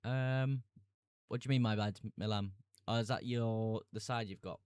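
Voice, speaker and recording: Relaxed, chatty man with a low voice. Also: moderate pace, smooth, dry recording, clean studio sound. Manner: relaxed, chatty, reads out viewer comments, laughs easily. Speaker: fantasy football streamer. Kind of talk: casual live-stream chat.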